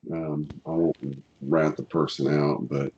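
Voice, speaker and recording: Deep-voiced Missouri man, blunt and fired up. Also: level tone, slow pace, a little mellow, lo-fi sound. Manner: plainspoken, gets fired up and blunt. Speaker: podcast co-host. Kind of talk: casual podcast chat.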